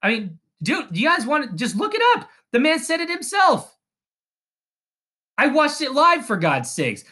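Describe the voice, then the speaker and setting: A man's voice: extremely high pitch, wildly swooping pitch, unhurried, sharp tone. A man hosting a podcast, delivering an angry, profane political rant that rambles with frequent restarts. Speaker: podcast host.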